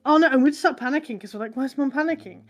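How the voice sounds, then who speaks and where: A woman's voice: high voice, rapid-fire. A young woman casually telling rambling stories and laughing at them. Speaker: co-host. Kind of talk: casual storytelling chat. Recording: faint music behind.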